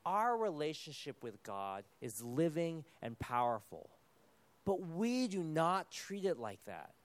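A man preaching a sermon in a conversational, animated way, with quick asides and self-corrections. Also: on the high side, dry recording.

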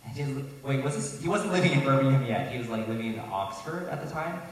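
A man's voice: medium pitch, lively intonation, fast talker. A man preaching a sermon, earnest and telling a personal story with self-correcting asides. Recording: echoey hall, voice from a distance.

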